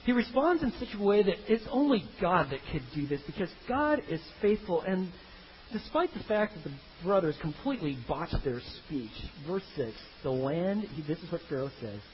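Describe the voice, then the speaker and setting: Male preacher, high and lively, playful storytelling delivery; muffled lo-fi sound. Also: moderate pace, a little hiss or hum. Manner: animated, comic, acts out biblical characters in funny voices. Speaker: pastor. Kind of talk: sermon.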